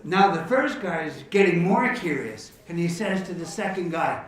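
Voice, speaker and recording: A man entertaining an audience, telling jokes and stories in a lively, animated way. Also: high-pitched, moderate pace. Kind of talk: joke telling and storytelling to an audience. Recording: echoey hall, distant mic, faint guitar.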